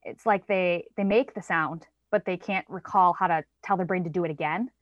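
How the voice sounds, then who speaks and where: A woman's voice: on the low side, moderate pace. Chatty woman telling a long story. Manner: chatty, acts out quoted lines in a lifted voice. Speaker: parent guest. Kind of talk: casual conversational storytelling. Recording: dry, slightly dull sound.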